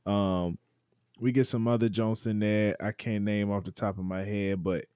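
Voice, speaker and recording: A man's voice: fairly low pitch, fairly even intonation, moderate pace, a little mellow, smooth, dry recording, clean studio sound. A man hosting a podcast, reviewing music in loose, slangy casual chat and restarting his sentences often. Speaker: podcast host.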